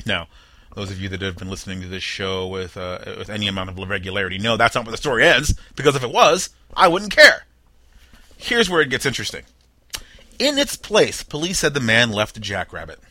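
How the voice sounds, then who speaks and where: A young man hosts a comedy news roundup podcast, reading headlines with wry, jokey asides and doing mock-dramatic voices for the people in the stories. His voice is lowish yet bright and forceful, animated and fast.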